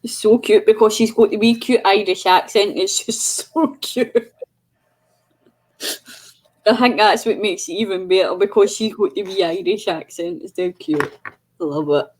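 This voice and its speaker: A woman's voice: medium pitch, unhurried, darkish tone. A chatty, giggly woman co-hosting a casual craft livestream over a video call. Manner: chatty, giggly, mimics voices. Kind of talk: casual chat.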